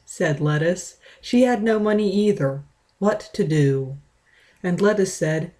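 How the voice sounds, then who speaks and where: A woman reading a fan story aloud in a deadpan manner. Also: lowish voice, measured pace. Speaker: reader.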